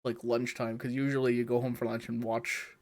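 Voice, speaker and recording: A young man co-hosting a podcast, chatting in a relaxed way with frequent chuckles and filler words. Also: medium pitch, a little fast. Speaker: podcast co-host. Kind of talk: casual chat.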